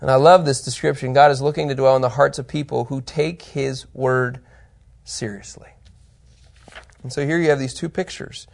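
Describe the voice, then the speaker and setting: A man teaching an informal Bible lesson, animated and chatty, often checking in with his listeners and his co-host. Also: medium pitch, normal speed, vocal fry.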